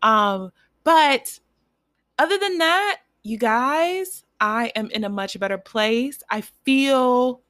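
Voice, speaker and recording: A woman's voice: on the high side, animated, slow pace, dry recording, clean studio sound. A young woman in her twenties hosting her own podcast, talking casually and encouragingly to her listeners with plenty of fillers. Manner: warm, encouraging, chatty with fillers. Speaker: podcast host. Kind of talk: casual solo podcast talk.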